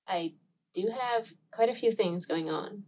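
A woman's voice: medium pitch, a little slow, darkish tone. A woman comics creator, a guest on a podcast, chatting casually in a bubbly, giggly way.

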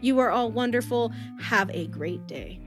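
A woman hosting a podcast, effusive and quick to laugh, thanking guests and listeners. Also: on the high side, animated, faint music behind. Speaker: podcast host. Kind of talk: casual podcast chat.

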